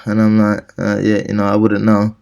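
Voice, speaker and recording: A man's voice: lowish voice, completely flat delivery, normal speed, vocal fry, a little mellow, lo-fi sound. A young man telling a long, rambling story and ranting about it, acting out his own replies. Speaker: vlogger. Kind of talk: casual storytelling rant.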